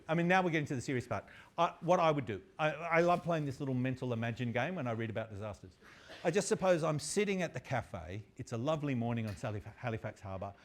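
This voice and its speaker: A male university lecturer telling a story in a lively, chatty way. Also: medium pitch, fast talker.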